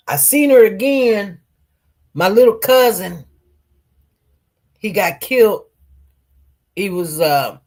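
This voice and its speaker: A woman telling personal stories to her viewers in a casual, rambling way, with many fillers and repeated words. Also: mid-range voice.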